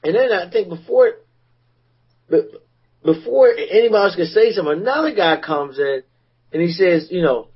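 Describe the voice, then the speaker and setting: A man's voice: high-pitched, animated, moderate pace, long pauses, breathy edge, lo-fi sound. A man on a talk show casually telling a crude work anecdote, stumbling over his words. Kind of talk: casual chat.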